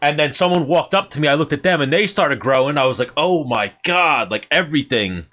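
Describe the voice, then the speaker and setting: Man with a bright, sharp voice. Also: fairly high pitch, fast talker. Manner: excitable, repeats himself while telling a story. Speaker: podcast guest. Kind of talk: casual chat.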